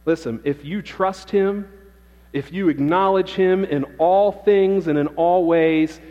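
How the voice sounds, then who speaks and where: A man's voice: sits high, takes it slowly, a little mellow. A man preaching a sermon to his church, emphatic and repeating key phrases for emphasis. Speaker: pastor. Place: church sanctuary. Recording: dull lo-fi with long church reverb.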